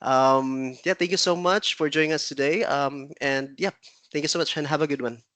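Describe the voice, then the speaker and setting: A man's voice: on the high side, fairly even intonation, normal speed, fairly bright tone, no echo. A man from the Philippines hosting a webinar, speaking hesitantly with many fillers over a video call. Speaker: webinar host. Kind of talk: live webinar moderation.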